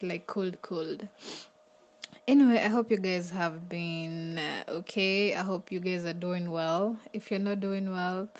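A woman with a Kenyan accent, a podcast co-host who talks in a gentle, comforting way and giggles often. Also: on the low side. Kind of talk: casual podcast chat.

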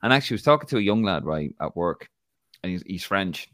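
A man's voice: low-pitched, expressive, quick pace, a bit bright, no echo, studio quality. An Irish man co-hosting a casual live football chat show, joking, rambling and laughing as he talks. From Ireland. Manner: jokey, rambling, laughs often. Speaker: podcast co-host.

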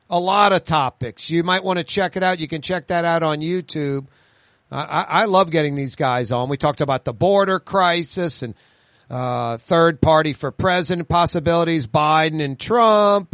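A man hosts a radio talk show in a dry, close studio sound. His voice sits a little high, and he wanders through anecdotes in an easy, chatty way. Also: a bit bright, no room sound. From New Orleans.

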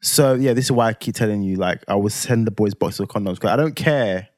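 A man in his twenties with a London accent, telling a story on a podcast in casual chat, animated and swearing freely. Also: on the low side, fairly quick, no echo, clean studio sound. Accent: London English. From England. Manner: animated, swears freely, acts out heated quotes. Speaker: podcast co-host.

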